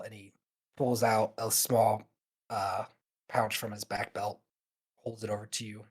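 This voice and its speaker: A man's voice: fairly low pitch, little pitch movement, unhurried, long pauses, husky. A man narrating as game master of a tabletop game. He talks in a casual, loose way with plenty of fillers.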